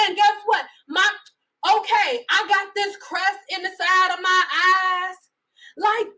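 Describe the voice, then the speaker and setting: High-voiced blunt ranting woman. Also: takes it slowly, pauses often, pushed and bright, low-quality recording. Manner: blunt, exasperated, profane. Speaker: vlogger. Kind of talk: profane ranting commentary.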